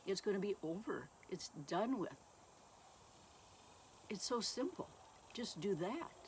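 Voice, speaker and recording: Woman doing a sinister whispering male voice, calm, coaxing, slow, faint crickets behind. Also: mid-range voice, slight background noise. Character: sinister calm male inner voice urging death.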